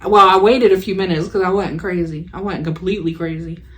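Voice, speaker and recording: A woman's voice: on the low side, steady tone, fairly quick, a bit bright, a little hiss or hum. A young woman co-hosting a podcast, telling a childhood story in casual chat, teasing her co-host and laughing along. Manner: teasing, sarcastic, laughs often.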